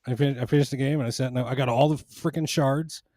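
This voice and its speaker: A man's voice: mid-range voice, steady tone, fast talker, dark tone, dry recording, clean studio sound. A man from Panama, a podcast guest chatting casually, often restarting and repeating words. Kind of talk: casual chat.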